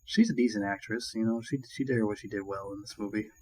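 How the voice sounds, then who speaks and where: A man gives a casual movie review, rambling and ranting in annoyance with constant swearing and crude jokes. His lowish voice is fast and warm with fairly even intonation, on a rough recording.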